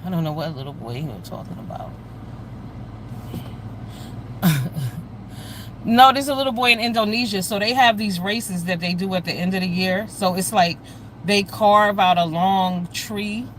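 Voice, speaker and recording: A woman from the United States hosts a casual livestream and talks straight to her viewers. She is blunt and profane, gossiping at a lively clip. A faint hum of vehicles sits behind her voice. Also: mid-range voice, fairly quick. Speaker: livestream host.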